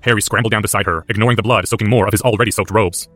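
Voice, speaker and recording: A man reads a story aloud at a very fast clip, intense and driven. His voice sits on the low side. Soft music plays under the narration. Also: steady tone. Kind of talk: audiobook narration of fan fiction.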